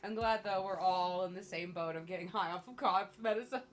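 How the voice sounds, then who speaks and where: A woman's voice: lowish voice, fairly quick, faint music behind. A woman chatting in casual game stream talk, dropping dry, teasing quips. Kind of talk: casual chat.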